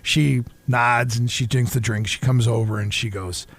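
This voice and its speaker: A man co-hosting a radio talk show, chatting casually and dropping low and quiet to tell a joke. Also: fairly quick, gravelly, hardly any pauses, husky. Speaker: radio co-host.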